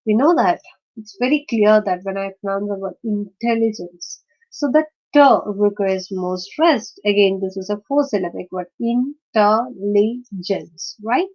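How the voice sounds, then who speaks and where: A woman lecturing on word stress, hesitating often and slowly sounding out example words. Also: medium pitch, lively intonation, a little mellow, dull audio. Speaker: teacher.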